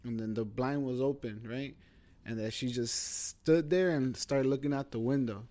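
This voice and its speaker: Man in casual chat, storyteller, profane, filler-heavy, mid pitch. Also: normal speed, dark tone. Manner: loose, profane, filler-heavy, says bro a lot.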